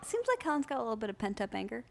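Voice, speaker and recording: A woman's voice: fairly high pitch, sing-song, very fast, vocal fry, background noise. A woman co-hosting a radio show, chiming in with brief agreements and dry one-liners. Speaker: co-host. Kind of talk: casual radio banter.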